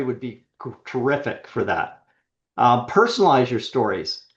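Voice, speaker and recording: Lively high-voiced man on dull webinar audio. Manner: lively, emphatic, with frequent restarts. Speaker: webinar presenter. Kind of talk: coaching talk with worked examples.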